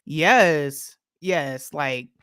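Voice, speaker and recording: A woman from Michigan hosts a late-night livestream, chatting casually, laughing often and addressing viewers directly while reading stories and chat messages. Her deep, smooth, fairly bright voice moves extremely slowly. The audio is studio quality with no echo.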